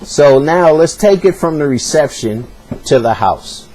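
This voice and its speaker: A man's voice: fairly high pitch, expressive, unhurried, a little mellow. A man telling a personal story in a casual, earnest way, sounding hurt and speaking straight to the listener.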